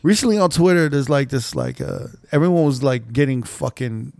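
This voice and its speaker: A man's voice: mid-range voice, big pitch swings, normal speed, gravelly, a little mellow, dry recording, studio quality. A man co-hosting a podcast, telling stories in a rambling, profane way full of fillers. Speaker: podcast co-host, DJ. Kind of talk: casual chat.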